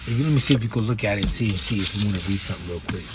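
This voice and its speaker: A man's voice: lowish voice, racing, background noise. A man from New York with a New York accent, an author chatting casually on a livestream about his books and reading a passage aloud, blunt and profane, with sudden emphatic bursts.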